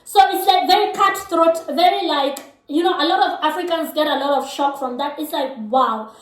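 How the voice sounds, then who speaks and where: A woman's voice: high-pitched, fairly quick. A woman from Kenya with a Kenyan accent, whose first language is Kikuyu, giving frank, direct advice to her viewers in a casual vlog. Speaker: vlogger. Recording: echoey room, mic at a distance.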